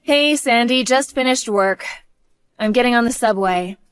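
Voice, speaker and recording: A woman's voice: a little high, moderate pace, smooth, no room sound. A middle-aged woman telling a story in the voice of a firm, protective mother. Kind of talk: acted story narration.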